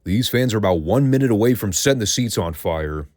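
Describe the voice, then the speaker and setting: Man, low voice, sarcastic, profane, ranting podcast host, dry recording. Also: lively intonation, brisk, darkish tone, no echo. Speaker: podcast host reviewing wrestling. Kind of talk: scripted sarcastic review.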